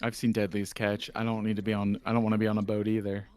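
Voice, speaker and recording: A man's voice: on the low side, completely flat delivery, fast talker, a little mellow, clear, resonant tone. A man co-hosting a casual reaction video, making wry remarks and asking questions, with casual swearing. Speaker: co-host reacting to a show.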